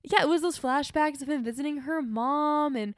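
Young woman gushing about a show, kinda high voice, dry close mic. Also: moderate pace, no echo. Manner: gushing, animated, quotes characters in voices. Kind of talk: casual chat reviewing a TV drama.

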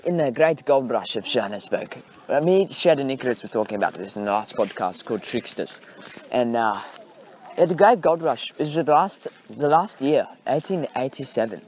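A man's voice: medium pitch, a little mellow, lightly acted. A man playing a boastful, wealthy young South African man with a mock accent in a comedy skit, ending his lines with "man". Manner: bragging, ends sentences with "man".

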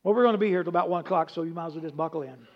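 A man preaching a folksy, humorous sermon, rambling into stories and dropping from loud emphasis to hushed asides. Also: a little high, very fast. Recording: dull lo-fi recording.

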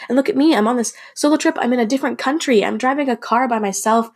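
A woman's voice: a little high, fast talker. A young adult woman hosting a podcast, telling a personal story in a candid, emotional way, swearing and restarting as she goes.

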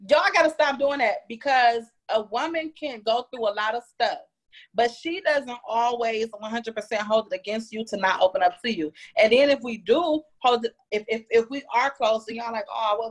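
A woman's voice: fairly high pitch, normal speed. A woman guest on a podcast talking in a blunt, teasing way and pressing hard for yes-or-no answers. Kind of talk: casual podcast debate.

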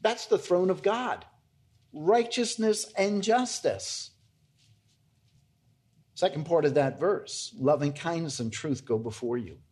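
A man's voice: on the high side, lively intonation, normal speed, few pauses, a little mellow. A man preaching an earnest, emphatic expository sermon to his congregation as its pastor. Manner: earnest, emphatic, addresses listeners as folks.

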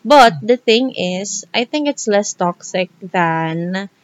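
A woman's voice: medium pitch, expressive, slow pace, muffled recording. A woman co-hosting a casual podcast chat, explaining things at length and often saying "like". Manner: explanatory, filled with "like". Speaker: co-host.

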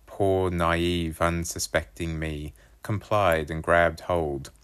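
Low-voiced man reading a children's book. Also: slow, clear, resonant tone. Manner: lively first-person storytelling. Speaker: storybook reader.

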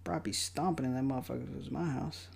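A young man giving casual, profane commentary while watching a movie, mocking it and breaking into loud outbursts. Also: mid-range voice, rapid-fire, gravelly, breathy edge.

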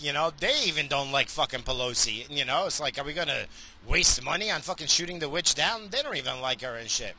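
Crude, bright-voiced man ranting while driving. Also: medium pitch, lively intonation, fast, slight background noise. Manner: crude, rambling, swears constantly. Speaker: vlogger. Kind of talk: profane rambling rant while driving. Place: car, driving.

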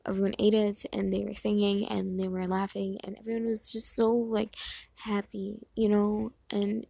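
A woman's voice: mid-range voice, gravelly, mellow, no echo. A young woman in casual chat, telling a rambling, exasperated story and acting out other people in quoted asides. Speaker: vlogger.

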